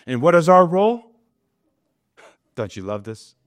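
Slow, emphatic male preacher, dry sound. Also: on the high side, big pitch swings, no echo. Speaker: pastor. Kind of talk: sermon.

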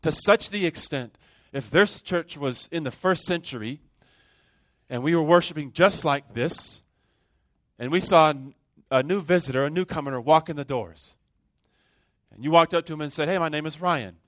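A man preaching a sermon as pastor, deliberate and emphatic, with long pauses between phrases. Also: fairly high pitch, no room sound, studio quality. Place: church.

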